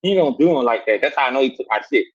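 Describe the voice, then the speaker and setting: A mid-range, slightly rough male voice races through a street story in a Southern accent; he's a guest from Savannah, Georgia telling his life story. Casual and animated, he acts out each quoted voice, on a dull lo-fi recording.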